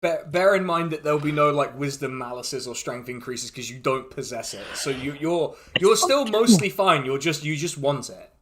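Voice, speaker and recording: A man's voice: fairly high pitch, normal speed, few pauses, fairly bright tone. A man acting as dungeon master, casually narrating the game and explaining rules in an easygoing way with the odd chuckle.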